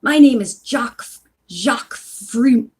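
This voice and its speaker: A woman's voice: on the high side, animated, takes it slowly, husky, heavily acted. Brief: bluffing, sneering man under arrest, read by a woman. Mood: defiant. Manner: snarling, indignant. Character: gruff male prisoner, bluffing and sneering.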